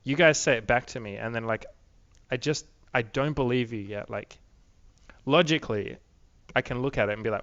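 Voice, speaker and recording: A young man talks straight into his camera in a loose, rambling video diary, swearing freely and leaning on "like" as a filler. His voice is bright and forceful, and the close, dry recording sounds a little dull and lo-fi. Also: mid-range voice, a little fast, dry recording. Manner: rambling, profane, many "like" fillers. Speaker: vlogger. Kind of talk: casual video diary rant.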